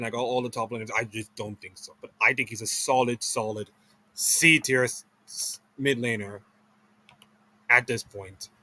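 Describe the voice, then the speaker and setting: A man giving casual commentary as he ranks players, rambling with many restarts and self-corrections, and talking slowly and sluggishly after a meal. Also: mid-range voice, sharp tone. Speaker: esports video creator.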